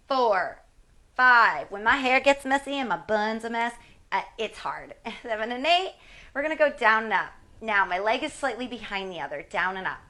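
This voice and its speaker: A woman's voice: mid-range voice, pushed and bright. A woman in her forties, a fitness instructor, chatting casually while demonstrating exercises, sometimes strained from the effort. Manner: chatty, self-deprecating, talks while exercising. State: strained from exertion.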